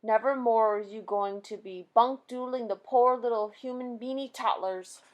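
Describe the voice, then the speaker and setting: A woman voicing a big, gentle, excitable male giant who mangles his grammar and makes up words. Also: on the high side, moderate pace, highs cut off, natural voice. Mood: indignant.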